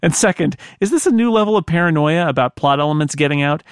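A man co-hosts a casual podcast, reading listener mail and trading opinions with his partner. His voice has a gravelly edge and sounds close and dry, with no room around it. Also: a little high, fast, no room sound. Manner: animated, mimics accents when quoting.

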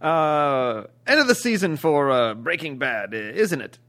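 A man's voice: a little high, sing-song, normal speed, sharp tone. A man co-hosting a podcast, chatting casually and playfully. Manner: playful, drops into a mock British accent. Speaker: podcast co-host. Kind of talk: casual chat.

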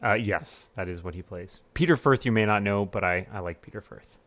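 A man's voice: lowish voice, fairly quick, fairly bright tone, dry recording. A man hosting a casual movie commentary podcast, wry and joking, on a close mic. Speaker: podcast host.

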